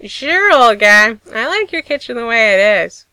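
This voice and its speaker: A woman's voice: high-pitched, expressive, slow pace, pushed and bright, no echo, voice pushed up, heavily acted, rough recording. An easygoing, teasing young man, read by a woman narrator. She barely changes her voice for him, keeping it close and dry. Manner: easy, teasing.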